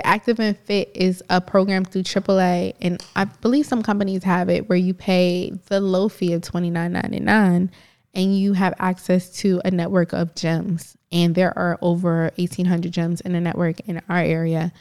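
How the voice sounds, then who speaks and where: A woman's voice: lowish voice, clear, resonant tone. A woman co-hosting a casual podcast, talking in a loose, rambling way. She laughs easily and jumps from one tangent to the next. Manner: animated, rambling, quick to laugh. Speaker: podcast co-host.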